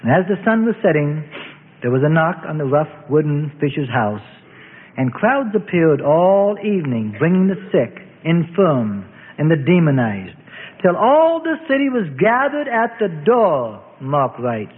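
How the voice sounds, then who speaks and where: A man giving a dramatic, theatrical scripted narration of a Bible story, slowing and stressing key words. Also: on the high side, sing-song, husky. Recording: echoey tinny radio broadcast.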